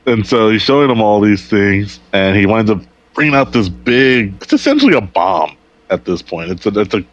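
Deep-voiced man, rambling episode recap. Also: very animated, moderate pace. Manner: rambling storyteller, quotes lines in character. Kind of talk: casual chat, retelling a TV episode. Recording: dull lo-fi recording.

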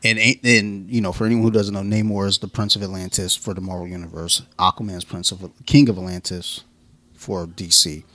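A man's voice: low voice, fairly even intonation, a little fast, a bit bright, no echo. An American man co-hosting a casual podcast chat, joking, swearing and acting out quotes, laughing often. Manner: jokey, profane, acts out quotes, laughs often. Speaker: podcast co-host.

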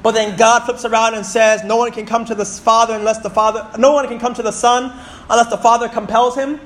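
Animated high-voiced preacher in his thirties. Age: 30s. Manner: animated, reads scripture slowly and calls out to the congregation. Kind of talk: sermon.

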